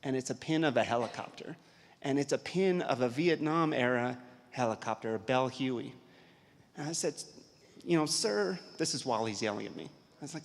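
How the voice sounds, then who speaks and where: A man, an investigative reporter, telling a lively anecdote at a conference talk. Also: mid-range voice, brisk, creaky. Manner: lively anecdotal storyteller, reads aloud then chats. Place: large convention hall. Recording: echoey hall.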